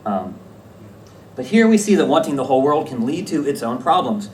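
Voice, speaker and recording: A man giving a conference talk about slides, lively and self-correcting, often checking in with the audience. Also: medium pitch, fairly quick. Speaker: academic conference presenter. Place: lecture room at a conference. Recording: echoey room, distant mic, faint hiss.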